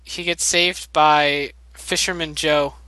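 A man's voice: a little high, flat delivery, takes it slowly, sharp tone, no room sound, low-quality recording. A man casually recapping a show episode, rambling and joking with plenty of swearing. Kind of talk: casual comedic recap chat.

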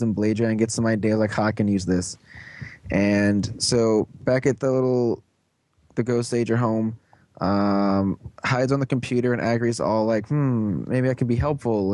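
A man casually recapping a cartoon episode as podcast co-host, rambling and acting out lines in quick voices. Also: medium pitch, a little mellow, no room sound.

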